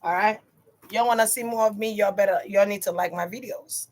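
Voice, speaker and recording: A woman's voice: medium pitch, steady tone, a little fast. A woman chatting casually to her viewers on a livestream tarot reading, slangy and direct.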